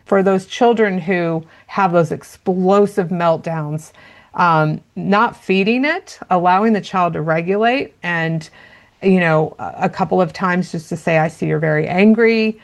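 In an interview conversation, a woman speaks as a parenting expert, explaining things earnestly and dropping "you know" often. Her voice is lowish and a little slow.

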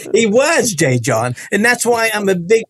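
A man's voice: high-pitched, a bit bright, slightly rough, dry recording. A man telling his personal faith testimony in conversation, earnest and vivid, with frequent restarts.

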